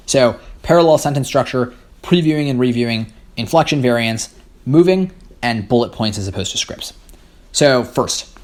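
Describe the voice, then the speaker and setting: A teenage boy, a high school debate captain, explaining public speaking tips in an articulate, structured way. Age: teens. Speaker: guest student speaker.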